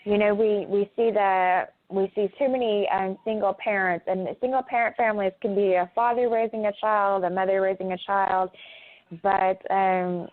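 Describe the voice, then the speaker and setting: This middle-aged woman, interviewed casually by phone, speaks at a normal pace with fairly even intonation and a medium pitch. She sounds hesitant and uses many filler sounds, and the line is tinny.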